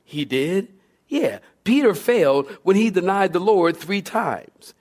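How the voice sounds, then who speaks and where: A male pastor preaching a sermon in a lively, playful way, acting out scenes. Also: high voice, takes it slowly.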